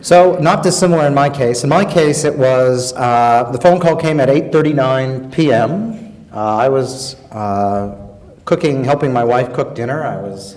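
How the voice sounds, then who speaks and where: A man's voice: medium pitch, darkish tone. Wry man telling a story from far off in a hall. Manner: wry, hesitant with many fillers. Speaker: panel guest, scientist. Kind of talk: storytelling on a public panel.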